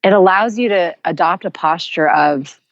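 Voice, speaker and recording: A woman guest telling a personal story in an earnest, reflective way, often pausing and restarting. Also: on the low side, no echo, lo-fi sound. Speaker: podcast guest.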